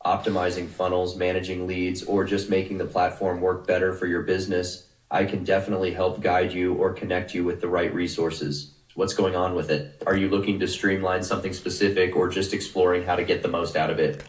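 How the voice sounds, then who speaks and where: An upbeat AI phone agent cloned from a man's voice talks in a deep, even tone that barely rises or falls. It sounds smooth and agreeable, a little salesy. The sound is roomy and comes from a distance, as if a speaker is playing it across the room. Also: fairly quick, lightly acted. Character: cloned AI voice bot of a young man, upbeat. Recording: faint, roomy playback from a distance.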